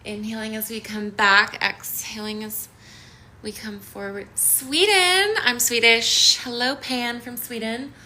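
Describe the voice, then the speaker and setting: A woman with a bright, lightly high voice guides a yoga flow at a very unhurried pace. Her soothing instructions alternate with bubbly hellos to viewers, over a faint hiss from a device mic in a home room. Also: little pitch movement. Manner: slow, soothing cues mixed with bubbly greetings to viewers. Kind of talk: live-streamed yoga class with chat greetings. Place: home studio in downtown Los Angeles.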